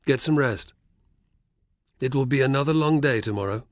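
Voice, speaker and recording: A man voicing a stern male rebel leader who is friendly but commanding, low and steady. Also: normal speed, slightly rough, dry recording, clean studio sound.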